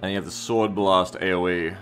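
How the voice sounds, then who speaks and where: A man chats his way through a live game stream, reading viewer comments aloud and second-guessing himself. His voice sits a little low but sounds bright and forward. Soft game music plays faintly behind him. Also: steady tone, fairly quick. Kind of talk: casual live-stream commentary while gaming.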